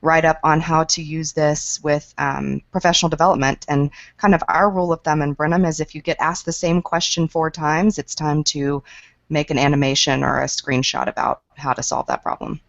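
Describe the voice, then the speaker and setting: Low-voiced woman explaining practically. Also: steady tone, moderate pace, creaky, no room sound. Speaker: panelist, educator. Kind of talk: conversational explanation. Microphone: video call. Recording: dull, dry video call audio.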